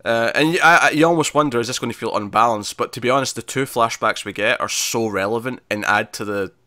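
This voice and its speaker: Man, TV review co-host, animated recap, laughing, bright tone, dry sound. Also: mid-range voice, fast talker, no room sound. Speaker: podcast co-host reviewing a TV episode. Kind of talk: casual review chat.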